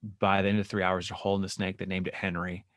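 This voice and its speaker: In a dry recording with no echo or room sound, a low-voiced man talks quickly as a podcast's therapist guest. He explains his work in an animated, casual interview chat and sometimes briefly acts out what clients say.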